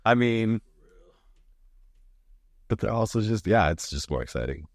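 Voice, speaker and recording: Lively, laughing man chatting casually. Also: unhurried, no room sound, studio quality. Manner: laughs often, acts out quoted lines in high voices. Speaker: podcast co-host. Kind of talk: casual chat.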